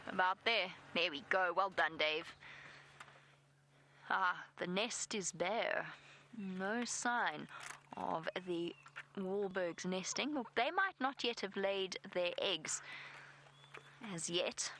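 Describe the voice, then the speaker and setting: A woman's voice: fairly low pitch, takes it slowly, pauses often, bright, forceful tone, slight background noise, poor audio. A South African woman giving live safari commentary from an open vehicle outdoors, chatty and self-deprecating. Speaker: safari guide.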